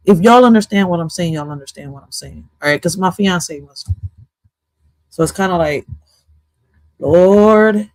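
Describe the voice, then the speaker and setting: A woman hosting a casual livestream, reacting to clips in a loud, profane, animated way and dropping in Spanish exclamations. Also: medium pitch, no room sound. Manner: loud, profane, animated, jumps between topics.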